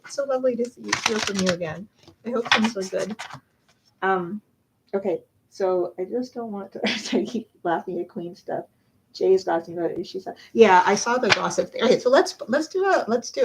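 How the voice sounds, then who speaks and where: A woman reading tarot on a live stream, talking in a loose, rambling way full of fillers, restarts and asides to viewers. Her voice sits at an ordinary middle pitch. A faint background hiss runs under the recording. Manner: chatty, rambling, many fillers and self-interruptions, laughs often. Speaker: tarot reader.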